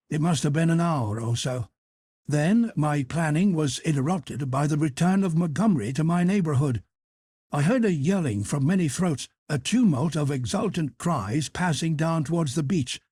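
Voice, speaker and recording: A man reads a classic novel aloud in a measured, steady narration. His voice sits a little high for a man and is recorded dry and close, with no room sound. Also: breathy edge, no room sound. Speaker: audiobook narrator. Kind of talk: scripted narration.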